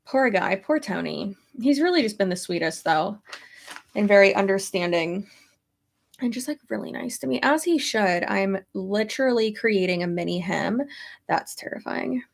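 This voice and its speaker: A woman's voice: mid-range voice, animated, normal speed, vocal fry. A young pregnant woman chatting casually on a stream, thinking aloud and swearing now and then. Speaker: YouTuber. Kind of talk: casual chat reading stream comments.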